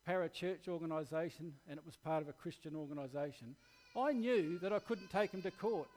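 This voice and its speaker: A man's voice: high-pitched, a little mellow. An Australian man preaching a sermon, telling a candid personal story in an earnest, plain-spoken way.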